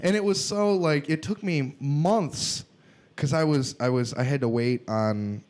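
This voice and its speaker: A man's voice: fairly high pitch, a little mellow. A man from Wisconsin with a Midwestern accent, chatting casually on a podcast, often restarting his sentences. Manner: halting, many restarts and laughs. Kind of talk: casual chat.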